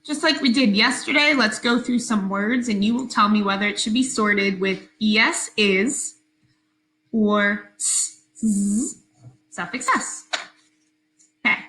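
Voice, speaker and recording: A woman teacher giving a recorded phonics lesson to her class, speaking slowly, clearly and patiently. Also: medium pitch, fairly bright tone, roomy sound, poor audio.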